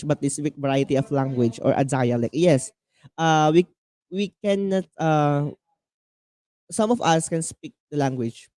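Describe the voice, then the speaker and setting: A man from the Philippines with a Filipino accent, teaching an online class in a halting way, full of fillers and restarts. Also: fairly high pitch, warm tone. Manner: code-switching, halting with many fillers and restarts.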